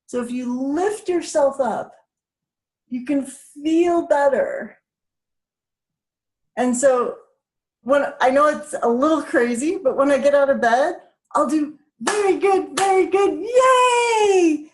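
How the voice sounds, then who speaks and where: A woman's voice: high-pitched, takes it slowly, pauses often. A woman speaker guiding a laughter exercise, upbeat, breaking into laughter and cheers. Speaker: self-care speaker.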